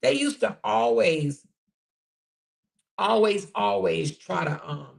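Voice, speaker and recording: A woman hosting a casual commentary channel, chatting sassily to her viewers and often pausing to find clips. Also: mid-range voice, expressive, gravelly.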